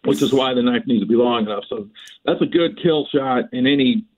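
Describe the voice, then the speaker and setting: A man on a podcast as a guest, telling a lively story, often laughing and restarting phrases. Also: mid-range voice, a little fast. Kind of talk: animated storytelling. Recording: tinny phone-like line.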